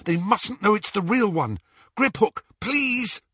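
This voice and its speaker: A man's voice: high-pitched, expressive, slow pace, pushed and bright, breathy edge, no room sound, clean studio sound, voice pushed up, full character voice. A man voicing a desperate teenage boy wizard in an audiobook reading, urgent and frantic.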